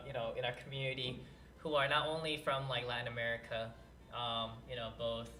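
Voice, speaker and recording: Male stream host, bright and pushy tone, muses aloud as he plays; echoey room. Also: medium pitch, a little hiss or hum. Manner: curious, thinks aloud while playing. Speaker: livestream host. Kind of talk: casual gameplay chat. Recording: roomy echo.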